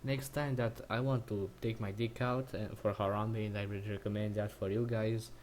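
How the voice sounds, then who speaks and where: A man's voice: fairly low pitch, level tone, moderate pace, darkish tone, slight background noise. A man ranting in a crude, mocking and rambling way while he comments on a video, often restarting his sentences. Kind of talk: profane reaction rant.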